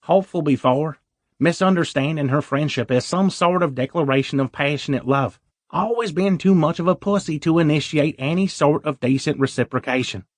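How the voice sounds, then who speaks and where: Male audiobook narrator, wry and self-deprecating, somewhat high voice, dry close recording. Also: moderate pace, dry recording. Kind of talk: first-person audiobook narration.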